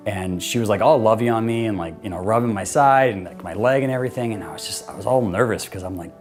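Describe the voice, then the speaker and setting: A man with a fairly low voice tells the camera quickly and casually how he proposed, with soft guitar music behind him. He talks loosely, using lots of "like" and "you know," and quotes both himself and his partner.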